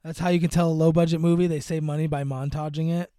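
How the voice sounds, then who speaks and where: A man's voice: fairly high pitch, level tone, fast, dark tone, clean tone, no echo, clean studio sound. A young man casually recapping a movie on a podcast, rambling with many fillers and acting out the characters' lines. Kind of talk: casual chat.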